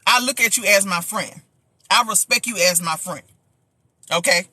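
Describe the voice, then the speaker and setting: A woman pastor telling a story in a lively, chatty way on a livestream, with sound effects and preachy asides. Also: medium pitch, moderate pace, husky, dry recording.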